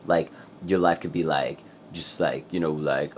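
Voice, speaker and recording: A man's voice: rumbling low, steady tone, brisk, a little hiss or hum. A man vlogging in a casual ramble, restless and wired, swearing a lot and laughing often. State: hyped up and full of energy.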